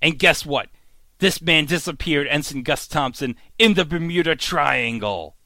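Podcast guy recapping tv, animated mock disbelief, slow-ish, dry mic. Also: fairly high pitch, no echo. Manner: animated, mock-incredulous outbursts. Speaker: podcast host. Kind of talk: comedic episode recap.

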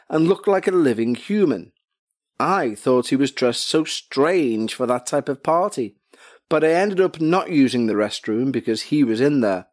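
A man's voice: fairly high pitch, no room sound, clean studio sound. A man hosting a podcast at home on his couch, reading a story aloud with jokey, rambling asides. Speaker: podcast host. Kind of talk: casual chat and story reading.

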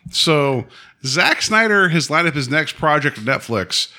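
A man with a bright, forceful voice co-hosts a casual chat show. He talks in an animated, eager way, jumping quickly between thoughts. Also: fairly high pitch. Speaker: podcast co-host.

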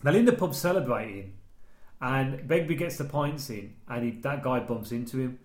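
A man, casually discussing a film and retelling its scenes in an animated way. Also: mid-range voice, moderate pace. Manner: animated storytelling, quoting lines from a film. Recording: echoey room.

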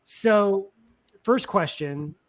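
High-voiced, playful male podcast host. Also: extremely slow. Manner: playful, teasing interviewer. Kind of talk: casual interview chat.

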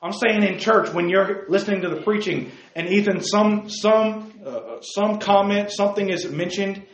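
A man's voice: high voice, moderate pace, echoey room. A man preaching a sermon to young men, with repeated calls of "hey guys" and sudden emphatic peaks.

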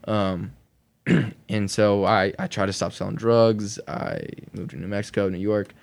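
A man from Oklahoma recounts his past in a loose, conversational podcast telling. His voice sits on the low side, and he rambles through fillers, often laughing between sentences. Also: steady tone, unhurried, gravelly. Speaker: guest sharing his testimony.

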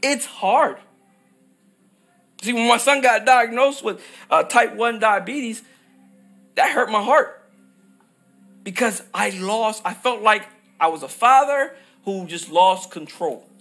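Male pastor with a high, bright voice. Delivers the sermon in a repetitive cadence and builds to shouts on scripture. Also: expressive, takes it slowly, long pauses, soft background music. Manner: emphatic, repetitive preaching cadence; rises to shouted peaks on scripture.

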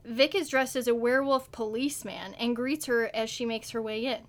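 A woman with a slightly high voice reads at a moderate pace with fairly even intonation and hardly any pauses. As a podcast co-host, she reads a comic story aloud to friends, doing small put-on voices for the characters and laughing often.

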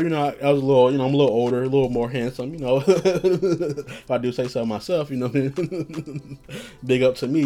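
A man's voice: medium pitch, dark tone. A man hosting a podcast who tells stories in a rambling, profane way and laughs at his own jokes. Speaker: podcast host. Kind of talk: casual storytelling.

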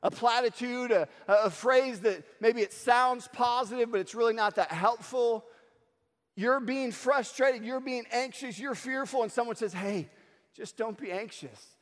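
A man preaching a sermon, telling stories in an animated way and acting out the lines he quotes. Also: very high voice, unhurried. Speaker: pastor. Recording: long hall reverb.

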